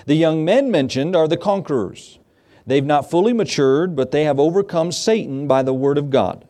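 A man's voice: on the high side, animated, normal speed, mellow. A middle-aged man, a pastor, preaching a sermon in a conversational way and often asking his listeners questions.

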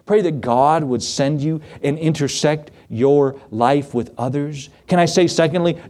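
A man's voice: on the high side, unhurried, few pauses, warm tone. A man pastor preaching a sermon in an earnest, folksy way, chuckling often and driving points home with repetition. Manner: emphatic repetition, rising preacher cadence.

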